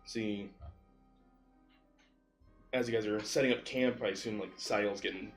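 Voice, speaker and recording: A man narrating as game master in a tabletop game, in a relaxed, rambling way. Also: on the low side, unhurried, soft background music.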